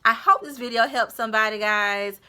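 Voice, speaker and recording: Talking a little fast in a high, bright, pushed voice, a young woman gives her viewers motivational advice directly to camera. She's encouraging and keeps repeating her main points.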